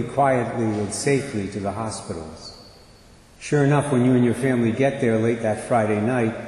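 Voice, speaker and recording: A man preaching, telling a dramatic story as a sermon illustration and slowing for emphasis. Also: mid-range voice, a little mellow. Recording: echoey hall reverb.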